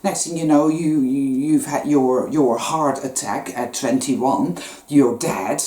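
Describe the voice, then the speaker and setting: Low-voiced woman giving an earnest spiritual talk. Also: takes it slowly, dark tone. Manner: earnest, swearing, conversational. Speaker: spiritual vlogger. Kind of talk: spiritual monologue. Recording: echoey room.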